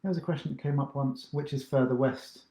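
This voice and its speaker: A man of middle pitch hosts a casual live stream from an echoey room. He rambles easily through answers and pokes fun at himself. He talks as a dance teacher fielding viewer questions. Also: steady tone, fast, mellow.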